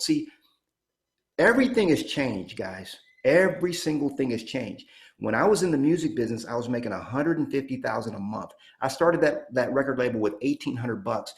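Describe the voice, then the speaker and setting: A man in his fifties giving an energetic real estate coaching talk, punching points and checking in with "okay?". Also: medium pitch. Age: 50s. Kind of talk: motivational training talk.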